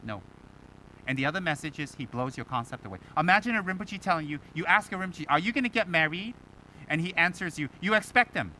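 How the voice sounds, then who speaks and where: Male Buddhist teacher, high bright voice, animated dharma talk that drops soft for emphasis, faint rumble behind. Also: quick pace, low-quality recording. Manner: animated, mimics voices of students; drops to a low, soft voice for key points.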